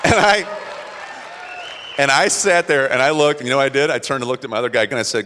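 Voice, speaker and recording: Guy telling stories to a crowd, animated, voice rings out in a big hall. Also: mid-range voice, brisk, pauses often, a little hiss or hum. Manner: animated, acts out quotes, laughs at himself. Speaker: motivational speaker. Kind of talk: storytelling talk to an audience.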